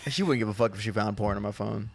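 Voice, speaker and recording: A man's voice: fairly low pitch, quick pace, gravelly, slightly rough, soft background music. A man co-hosting a podcast, running the questions with wry, joking banter. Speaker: podcast co-host. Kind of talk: casual comedic chat.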